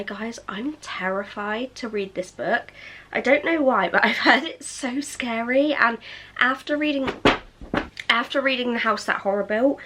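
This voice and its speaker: A young woman, chatting excitedly in a casual reading vlog. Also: medium pitch. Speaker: book vlogger.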